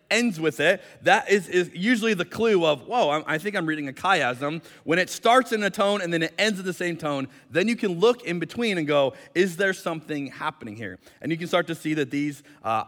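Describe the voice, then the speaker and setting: A man's voice: high-pitched, animated, brisk, a bit bright, big-room sound. A male pastor preaching a sermon in a conversational, explanatory way with light jokes, speaking in a church sanctuary.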